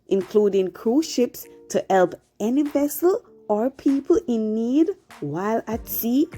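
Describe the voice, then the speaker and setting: A woman's voice: medium pitch, mellow. A woman narrating a cruise vlog in an explanatory, conversational way. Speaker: cruise vlogger.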